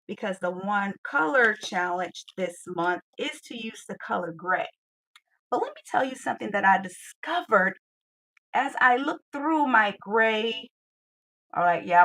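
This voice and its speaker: A woman's voice: mid-range voice, fairly bright tone, rough recording. A woman with a Southern US accent, chatting casually with viewers while she colors on her livestream and talking herself through her work. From Georgia, US.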